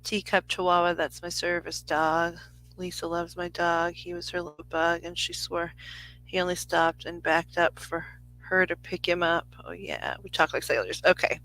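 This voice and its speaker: A woman's voice: lowish voice, moderate pace, a bit bright, poor audio. A woman in her forties giving a live psychic reading to a caller, rambling and interrupting herself with lots of fillers. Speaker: psychic reader. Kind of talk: live reading on a phone call.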